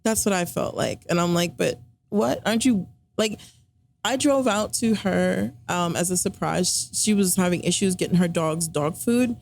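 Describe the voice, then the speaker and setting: With a fairly low, fry-tinged voice at normal speed, a woman guesting on a podcast shares a personal story in chatty fashion, using lots of fillers and acting out what people said. Slight background noise is audible.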